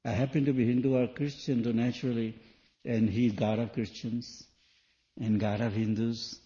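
A man's voice: medium pitch, little pitch movement, moderate pace, warm tone. Questioning man preaching, dull old tape. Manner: rhetorical questions, non-native phrasing. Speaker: spiritual teacher. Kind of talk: spoken sermon to an audience. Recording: dull lo-fi 1980s tape recording.

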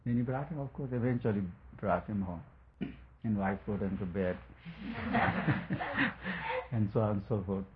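A man's voice: lowish voice, expressive, a little slow, pauses often, background noise. Male spiritual speaker, rambling chuckling storyteller, tinny phone-quality line. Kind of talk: spiritual talk with a told story.

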